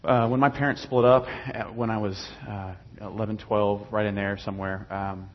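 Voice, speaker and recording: A man's voice: lowish voice, steady tone, normal speed, muffled recording, a little hiss or hum. A young adult man casually telling his personal faith story, rambling with many fillers and restarts.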